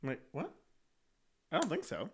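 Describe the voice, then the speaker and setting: A man's voice: on the high side, wildly swooping pitch, unhurried, slight background noise. A man co-hosting a podcast, chatting casually in a playful, rambling way and laughing often. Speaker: podcast co-host. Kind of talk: casual chat.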